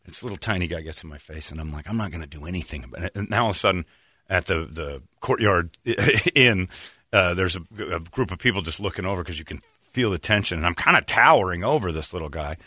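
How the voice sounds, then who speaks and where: A man's voice: low voice, lively intonation, a little fast, sharp tone, dry recording, clean studio sound. A middle-aged man hosting a casual talk show, telling stories and acting out the voices of the people in them. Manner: storytelling, acts out voices in anecdotes. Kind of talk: casual chat.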